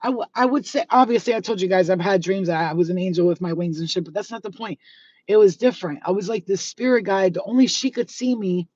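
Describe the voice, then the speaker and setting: A woman's voice: medium pitch, fast, darkish tone, breathy edge, dry recording. A woman telling a story in a casual, chatty way with plenty of fillers and swearing, speaking from inside a car. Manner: chatty, profane, many fillers. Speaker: spiritual vlogger. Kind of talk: casual live-stream storytelling. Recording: distant, dull lo-fi phone audio.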